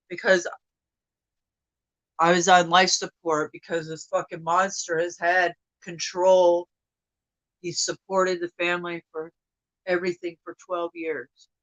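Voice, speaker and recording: A woman's voice: fairly low pitch, steady tone, a little slow, pauses often, dull audio. Woman in an angry profane rant. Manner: profane, agitated rant with swings from loud to hushed. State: upset, emotional. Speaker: vlogger. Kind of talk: angry venting monologue to viewers.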